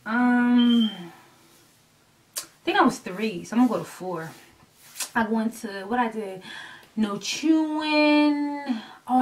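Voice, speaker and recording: A woman vlogger talks straight to her camera, animated and blunt, swearing for emphasis and rambling as she loses her place. Her voice sits on the high side. She sounds a little distant from the mic. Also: a little hiss or hum. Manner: rambling and chatty, losing her train of thought. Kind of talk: casual talk to camera.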